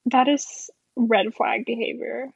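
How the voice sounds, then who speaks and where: Young woman guest, higher voice, husky, chatty with many "like"s; dull dry recording. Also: fairly even intonation, slow pace, no room sound. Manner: chatty, leans on "like". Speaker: podcast guest. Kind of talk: casual chat.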